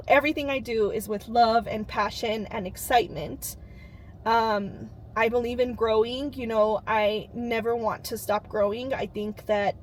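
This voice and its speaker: A woman's voice: fairly high pitch, a little hiss or hum. A woman in her thirties talking to camera in a bubbly, earnest vlog, with plenty of "um" and "like". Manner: bubbly, earnest, lots of fillers. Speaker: channel host.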